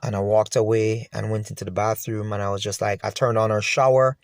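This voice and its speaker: In a lowish voice with a level tone, a man from Jamaica talks a little fast as he shares his painful story with the viewer. He is emotional and repeats himself, and there is no echo on the audio.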